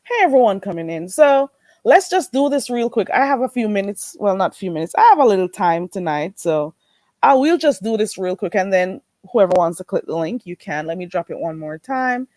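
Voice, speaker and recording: Lively woman hosting a livestream. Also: mid-range voice, a little fast, dry recording. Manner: animated, playful, laughs often, sing-song greetings. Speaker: livestream host. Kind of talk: casual livestream chat, greeting viewers.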